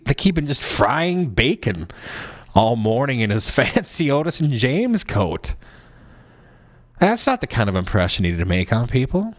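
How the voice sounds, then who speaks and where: A man talks through a story in a loose, rambling monologue, full of restarts and asides. His voice sits in a middle pitch. He keeps the tone playful and now and then slips into a high, silly voice for effect. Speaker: podcast host.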